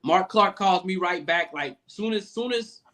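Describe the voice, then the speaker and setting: Man telling a casual story, slightly high voice. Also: a little slow. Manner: animated storyteller acting out the people he quotes; loose, profane, talkative. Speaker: podcast guest, Navy command master chief.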